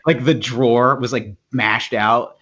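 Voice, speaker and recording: A man's voice: mid-range voice, steady tone, a little slow, a bit bright. A man co-hosting a podcast from home, telling a long story casually, full of "like" and acted-out quotes. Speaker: podcast co-host. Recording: dull lo-fi home recording.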